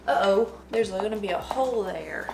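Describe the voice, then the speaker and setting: A woman's voice: medium pitch, normal speed, creaky, roomy sound, music in the background. A woman with a Southern US accent and a slight lisp, chatting casually and joking at her own expense as she bakes in her home kitchen. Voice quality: slight lisp from a dental flipper. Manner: self-deprecating, jokey, talks to herself. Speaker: vlogger. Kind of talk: casual rambling chat while baking.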